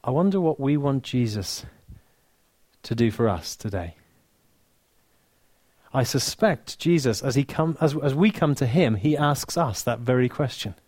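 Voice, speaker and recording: A man with an English accent preaching a sermon, earnest and warm, dropping to soft, hushed lines for emphasis, with touches of dry humor. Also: mid-range voice, animated, unhurried, no echo. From England. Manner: earnest, softening to near-whisper on key lines, dry humor.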